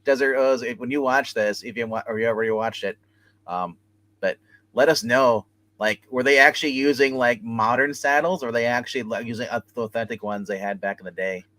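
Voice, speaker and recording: A man's voice: medium pitch, fairly quick, sharp tone, dry recording. A man co-hosting a casual chat show, rambling and joking with lots of fillers. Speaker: podcast co-host.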